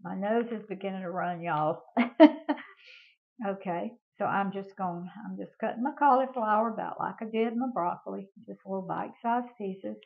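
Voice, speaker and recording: A woman's voice: mid-range voice, steady tone, brisk, creaky, hardly any pauses, narrow, tinny audio. An older woman, hosting a casual home cooking demonstration in a chatty, homey way and talking to her viewers as y'all. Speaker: cooking show host.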